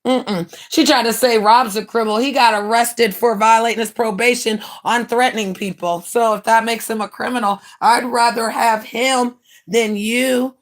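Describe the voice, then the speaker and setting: A woman's voice: fairly high pitch, steady tone, moderate pace, few pauses. Brash, profane woman ranting on a stream. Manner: brash, profane, mocking, with bursts of shouting. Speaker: livestream host. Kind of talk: ranting livestream talk.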